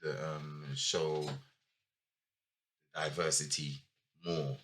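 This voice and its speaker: A very deep-voiced man, yet his tone carries a bright, forceful edge. He talks bluntly and swears freely in a casual interview. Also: level tone, drawn-out words, slight background noise. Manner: blunt and plain-spoken, swears freely when heated. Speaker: guest, former group member.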